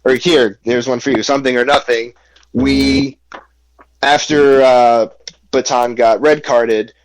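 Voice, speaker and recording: A mid-pitched man from the United States talks soccer on a podcast, rambling through his points with plenty of "you know" and "like". The sound is dry and close, with no room around it. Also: steady tone, slow, dry recording, low-quality recording. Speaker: podcast co-host. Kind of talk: casual sports chat.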